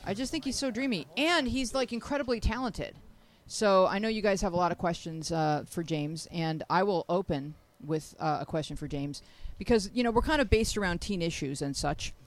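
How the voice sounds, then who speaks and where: Bubbly young woman talk show host. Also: on the low side. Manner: bubbly, joking, quick questions. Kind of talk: casual talk show interview.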